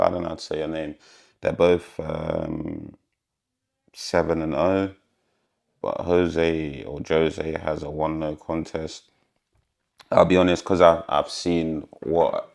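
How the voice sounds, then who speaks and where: Very deep, gravelly-voiced man. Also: darkish tone. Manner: loose, rambling, hesitant with frequent ums. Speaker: MMA predictions YouTuber. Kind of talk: casual fight predictions.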